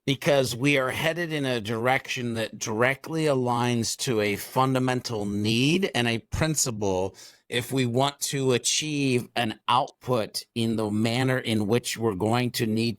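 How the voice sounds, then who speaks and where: A man's voice: medium pitch, measured pace, a bit bright, no echo, clean studio sound. A man co-hosting a podcast, talking energetically and rambling a bit, with plenty of fillers. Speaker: podcast co-host. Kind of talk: enthusiastic podcast talk.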